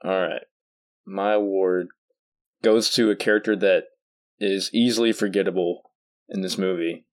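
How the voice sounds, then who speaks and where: A man's voice: low-pitched, steady tone, normal speed, pauses often. A man co-hosting a casual movie podcast in a laid-back way. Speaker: podcast co-host.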